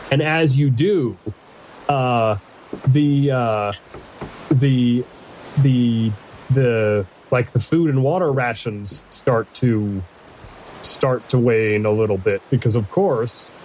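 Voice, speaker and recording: A man running a tabletop game as game master, narrating in a halting way with many restarts and fillers. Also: medium pitch, darkish tone, slight background noise, rough recording.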